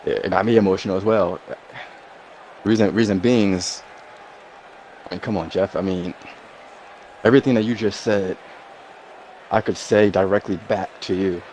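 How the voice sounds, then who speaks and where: A man plays a bitter wrestler rival, drawling and threatening in a fan-made promo. The voice sits low, with a faint hiss underneath, and he keeps repeating filler. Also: steady tone, moderate pace, pauses often, darkish tone, natural voice, poor audio. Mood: menacing. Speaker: fan performer voicing a pro wrestler. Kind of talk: wrestling promo role-play.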